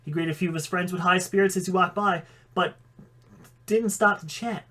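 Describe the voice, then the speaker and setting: A man's voice: high-pitched, fairly even intonation, normal speed, sharp tone. A man reading a fan story aloud, with occasional slips that he corrects. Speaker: audiobook reader.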